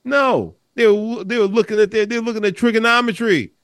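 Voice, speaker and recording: A man co-hosting a casual podcast chat, animated and laughing a lot as he jokes. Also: high-pitched, brisk, smooth, dry recording, clean studio sound. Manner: animated, laughs a lot, swings his voice up when joking. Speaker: podcast co-host.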